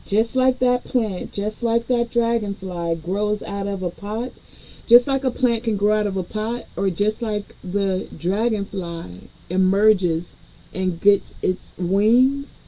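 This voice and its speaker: Brief: woman spiritual reader, very mellow dark tone, chatty and direct with viewers. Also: mid-range voice, slow, poor audio. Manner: conversational, addresses viewers directly. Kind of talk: collective spiritual reading.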